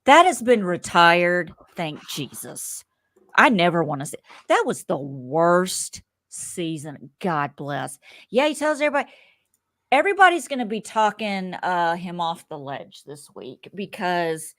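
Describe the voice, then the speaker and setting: A woman chatting on a recap podcast in a lively, swooping voice, her pitch leaping up and down as she talks. She laughs easily and acts out quotes as she goes. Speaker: podcast co-host. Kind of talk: casual reality-TV recap chat.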